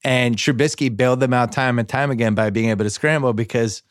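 A man hosting a sports podcast, chatting casually with mock-sentimental excitement in quick rising bursts. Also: medium pitch, no echo, studio quality. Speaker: podcast host.

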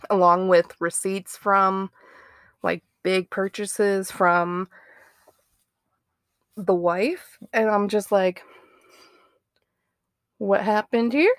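A woman's voice: medium pitch, flat delivery, extremely slow, long pauses, a bit bright, clear, resonant tone, no echo, studio quality. A woman hosting a true-crime podcast, chatting casually and reacting with disbelief. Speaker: podcast host.

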